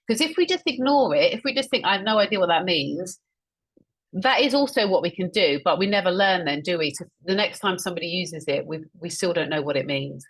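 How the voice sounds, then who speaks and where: A woman with a fairly low, husky voice teaches over a video call. She speaks in an encouraging tone and works through examples, often repeating phrases back to her listeners. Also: a bit bright. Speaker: webinar presenter and communication trainer. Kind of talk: instructional webinar talk.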